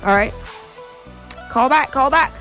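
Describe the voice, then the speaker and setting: On a lively morning call-in show, a woman playfully teases callers and now and then drifts into a sing-song lilt. She speaks a little slowly in a high, fairly bright voice, with soft music in the background.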